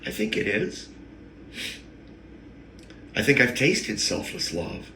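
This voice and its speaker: A man's voice: lowish voice, sing-song, slow, long pauses, bright, forceful tone, slight background noise. A man hosting a rambling, emotional spiritual monologue, often wandering off topic and catching himself. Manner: digressive, emotional, self-interrupting. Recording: echoey room.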